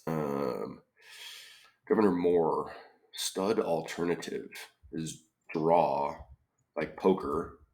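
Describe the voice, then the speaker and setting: A man's voice: rumbling low, drawn-out words, long pauses, darkish tone. A man solving a crossword aloud, musing tentatively and often trailing off with questions. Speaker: crossword solver. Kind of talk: thinking-aloud puzzle solve.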